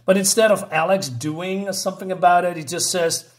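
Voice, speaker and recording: A man with a somewhat high voice reads a comic aloud for his channel. He rambles and hesitates with lots of fillers. He sounds baffled and incredulous at what the story does. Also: normal speed. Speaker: channel host. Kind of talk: casual reading and reaction commentary.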